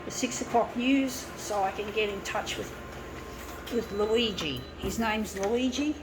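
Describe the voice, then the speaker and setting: A woman from Guam films a casual crafting vlog in her lounge room with a fan going in the background. Speaking in a mid-range voice at a measured pace, she rambles on chattily and addresses her viewers as "folks."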